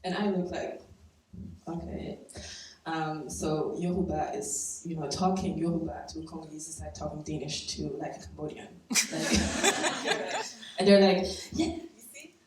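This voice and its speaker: Lower-voiced woman telling a story live. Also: normal speed. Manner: casual and conversational, laughing at her own lines. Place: stage at a live storytelling event. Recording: echoey room from far off, faint noise.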